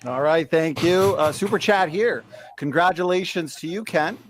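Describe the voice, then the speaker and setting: A man moderating, reading out super chat messages in a brisk way. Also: a little high.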